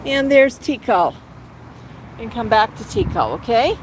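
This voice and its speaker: A woman chats casually on an outdoor patio, her voice sitting a touch high. She drifts into playful coaxing baby talk for her parrots. Faint car noise hums behind the phone recording. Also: expressive, a little slow, rough recording. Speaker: parrot owner hosting a livestream. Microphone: cell phone.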